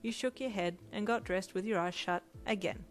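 A woman's voice: medium pitch, normal speed. Woman narrating a second-person fanfic. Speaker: fanfic reader.

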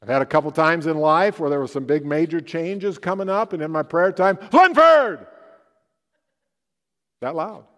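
A man's voice: a little high, steady tone. Folksy male pastor in a reverberant church. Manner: joking and folksy, then hushed and slow in prayer. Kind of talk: sermon with guided prayer meditation. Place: church sanctuary.

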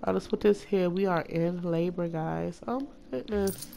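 A woman giving casual, chatty commentary as she plays a life-simulation game, talking excitedly to her viewers. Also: fairly low pitch, moderate pace, gravelly, a little hiss or hum. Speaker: let's play host.

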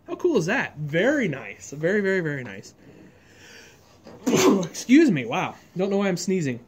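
A man's voice: sits high, huge pitch swings, normal speed, a little hiss or hum. A man casually reviewing a farm toy model, chatty and enthusiastic, rambling and correcting himself as he goes. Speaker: scale model reviewer, channel host.

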